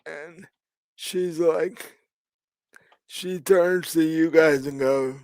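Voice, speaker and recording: Game master guy narrating, really slow, lots of ums, dry room. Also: fairly high pitch, fairly even intonation, a little mellow, no room sound. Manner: hesitant, many ums and restarts.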